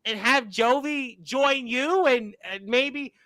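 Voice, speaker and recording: A man hosts a wrestling talk show and rambles along folksily, stumbling over repeated words. His voice sits unusually high and sounds bright and forceful. The sound is dry and close. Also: slow, no room sound, poor audio. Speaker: radio show host.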